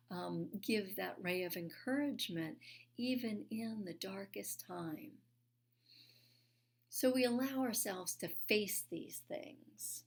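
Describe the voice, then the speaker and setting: Woman, sermon speaker, mid-range voice; earnest storyteller with fillers, slips into hushed tones. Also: medium pitch, creaky. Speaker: speaker at a spiritual church.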